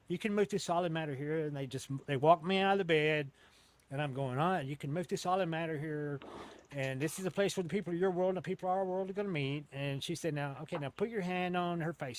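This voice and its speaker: A man as an interview guest, telling a long story in a casual, rambling way, with many restarts and casual swearing. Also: a little high. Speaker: interview guest recounting an encounter.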